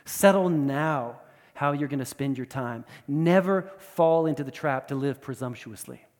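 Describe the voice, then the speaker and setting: A man preaching a sermon as pastor, in an animated, conversational way with asides and laughs. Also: medium pitch, unhurried. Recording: long reverb of a large hall.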